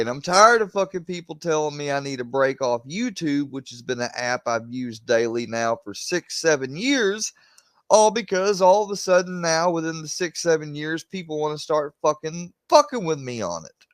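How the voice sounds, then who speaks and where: A man's voice: on the high side, normal speed, a bit bright, no room sound. A young man, a YouTuber ranting to his viewers, agitated and swearing as he repeats himself. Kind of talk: venting rant to camera.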